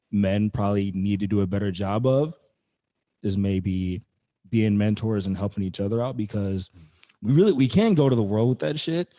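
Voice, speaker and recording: A man's voice: on the low side, dark tone. A man co-hosting a podcast, talking in a loose, rambling way and swearing freely. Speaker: podcast co-host. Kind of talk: casual chat.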